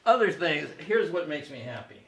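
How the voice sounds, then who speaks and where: Laughing at his own jokes, a fifty-something host gives a self-deprecating, casual monologue for his living-room comedy show and its small audience. He speaks on the high side with big pitch swings at a normal speed; the sound is a bit bright and roomy.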